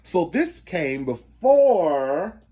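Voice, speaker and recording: A man hosting a casual vinyl show-and-tell, chatty and excitable, talking straight to his viewers and prone to bursting into falsetto. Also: drawn-out words, slightly rough. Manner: excitable, breaks into falsetto singing; chatty, addresses viewers directly. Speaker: record collector host.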